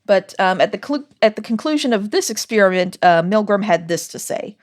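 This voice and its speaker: A woman's voice: mid-range voice, lively intonation, a little fast. A woman hosting a podcast, explaining things in casual chat and laughing often. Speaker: podcast host.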